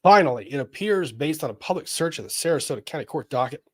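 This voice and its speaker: A man hosting a live legal commentary stream, reading viewer messages and reacting with wry, animated asides. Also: on the high side, fast talker, a little hiss or hum. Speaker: lawyer streamer reading chat.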